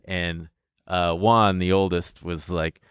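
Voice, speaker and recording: A man's voice: sits low, fairly even intonation, takes it slowly, smooth, no room sound, clean studio sound. A young man co-hosting a podcast, telling a long personal story in a rambling, self-deprecating way and laughing between lines. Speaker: podcast co-host. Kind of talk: casual storytelling chat.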